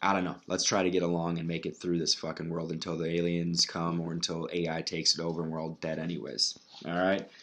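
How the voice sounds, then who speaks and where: A man with a very low voice talks alone on his podcast, swearing freely. He rambles and restarts his sentences as he works through his thoughts. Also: level tone, fairly quick, hardly any pauses, pushed and bright. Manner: rambling, profane, restarts often. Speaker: podcast host. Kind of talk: casual solo podcast monologue.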